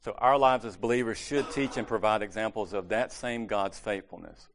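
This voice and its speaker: A man's voice: fairly low pitch, moderate pace. A man giving a casual, conversational sermon at a church meeting, correcting himself and joking lightly as he goes.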